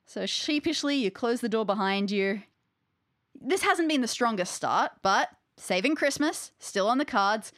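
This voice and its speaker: A woman's voice: fairly high pitch, fairly bright tone, no room sound, studio quality. A woman narrating a tabletop game as game master, describing scenes in a playful way.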